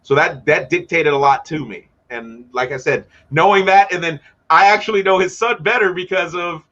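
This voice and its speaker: A man's voice: a little high, moderate pace, fairly bright tone. Eager man on a muffled mic. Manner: eager, talks players up. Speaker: co-host analyst. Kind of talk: casual sports talk show.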